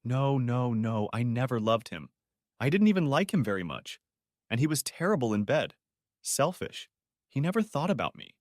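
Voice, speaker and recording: A man's voice: medium pitch, lively intonation, brisk, no room sound, studio quality, close to an everyday voice. A man voicing a sobbing, pleading wife. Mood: tearful. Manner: tearful, pleading, whimpering. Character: sobbing remorseful middle-aged wife.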